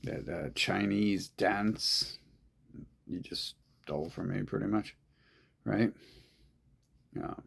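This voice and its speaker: A man with a low, gravelly voice drifts through a slow, rambling monologue. He is profane and repetitive, circling back over his own words. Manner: meandering, profane, repeats himself. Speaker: vlogger.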